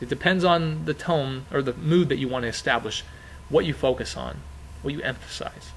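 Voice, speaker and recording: A man explaining a lesson in a relaxed, conversational way. His voice sits a little high for a man, and he often circles back to repeat his key points, with a faint hum of room sound behind him. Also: rough recording. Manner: conversational, repeats key phrases, frequent fillers. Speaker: teacher. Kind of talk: informal classroom explanation.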